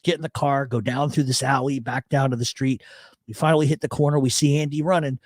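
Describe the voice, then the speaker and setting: A man's voice: medium pitch, fast talker, no room sound, clean studio sound. A man hosting a live radio chat show, telling stories and reading chat messages aloud, heavy on profanity. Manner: profane, storytelling, animated.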